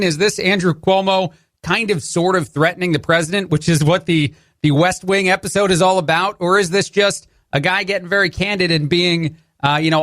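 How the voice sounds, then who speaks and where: Filling in on talk radio, a man from New Jersey speaks with a Jersey accent in a high-pitched, fairly bright voice, recorded dry with clean studio sound. He keeps things conversational, dropping sarcastic asides and restarting often with "uh."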